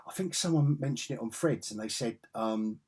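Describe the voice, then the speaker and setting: A man's voice: medium pitch, moderate pace, darkish tone, breathy edge. A middle-aged man vlogging a casual, rambling comic book review in a chatty, self-interrupting way.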